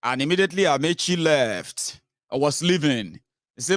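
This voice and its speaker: A Nigerian-accented man talks through a political monologue with sarcasm and lively swings of pitch. His voice is a little high for a man and sounds close and dry. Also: normal speed, dry recording. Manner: animated, mixes in pidgin, sarcastic. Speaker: commentator.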